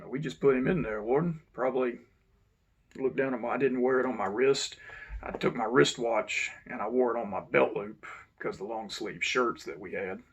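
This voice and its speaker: A man's voice: medium pitch, fairly even intonation, normal speed, breathy edge. A man, a former correctional officer, telling a frank, blunt story with the occasional curse. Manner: blunt, frank, swears now and then. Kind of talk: casual first-person storytelling.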